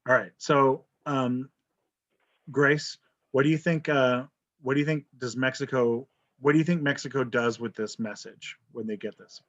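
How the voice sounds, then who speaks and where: Joking and checking in with "right?", a man leads an online history class in a casual manner. His voice is medium-pitched, steady, and fairly bright, at a moderate pace. It comes through dull, lo-fi video call audio.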